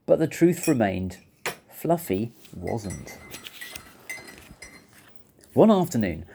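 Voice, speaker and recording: Expressive man reading a children's story. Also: fairly high pitch, gravelly, a little hiss or hum. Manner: expressive, playful, laughs along. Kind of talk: children's story read-aloud.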